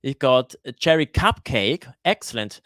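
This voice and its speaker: A man hosting a live Q&A for his cooking channel, chatting casually and greeting viewers by name, often pausing with "uh" and restarting his sentences. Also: medium pitch, expressive, fairly bright tone, dry recording, studio quality. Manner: hesitant, with frequent "uh" fillers and restarts. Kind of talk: live-stream Q&A chat. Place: lives in Switzerland.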